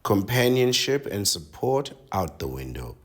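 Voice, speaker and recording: A man's voice: fairly low pitch, big pitch swings, a little slow. A man reading out an article and reacting to it with sardonic commentary, lecturing his listeners and often adding "right?".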